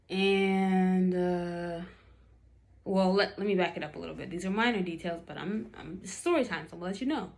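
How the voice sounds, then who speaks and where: A young woman chatting to camera, telling a dating story with lots of fillers and acted-out quotes. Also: medium pitch.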